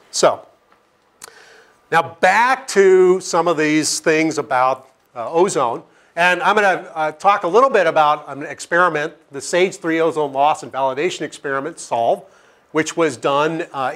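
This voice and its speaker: With slides and a room full of listeners, a middle-aged climate scientist from Seattle gives an informal career lecture in a slightly raised voice. He leans on anecdotes and jokes at his own expense, often tossing in a quick "okay?".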